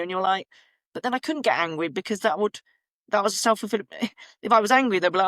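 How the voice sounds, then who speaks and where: Animated woman telling her story. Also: mid-range voice, brisk, dry recording, studio quality. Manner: animated, acts out quoted voices, laughs at herself. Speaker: podcast guest, menstrual cycle coach. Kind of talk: candid conversational storytelling.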